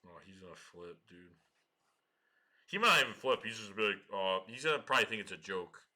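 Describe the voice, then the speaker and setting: Man, casual livestream host, lowish and very sharp tone, slangy and excitable. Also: brisk. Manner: slangy, excitable, swears and laughs often.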